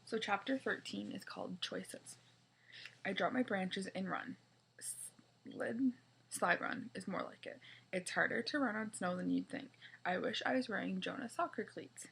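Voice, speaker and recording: A woman's voice: mid-range voice, measured pace, creaky, a bit bright, a little hiss or hum. A woman reading a children's chapter book aloud in a casual way, now and then stumbling and correcting herself. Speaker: reader.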